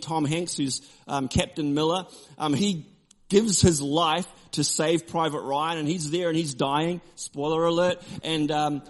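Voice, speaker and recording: A man preaching a sermon, emphatic and repetitive, shifting between forceful declarations and quieter storytelling. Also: fairly high pitch. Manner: emphatic, repeats key phrases, drops to quiet storytelling. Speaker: pastor.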